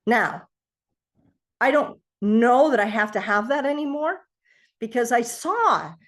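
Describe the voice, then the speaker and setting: A middle-aged woman telling a personal story to a group, animated and acting out the voices of the people in it. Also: a little high, slow pace. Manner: animated storytelling, acts out quoted voices, laughs often. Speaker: guest speaker on self-healing.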